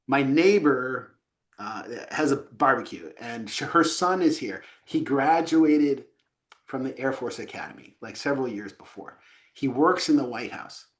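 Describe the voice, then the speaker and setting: Male co-host, casual trading podcast, animated storyteller. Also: medium pitch. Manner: animated storyteller, lively asides.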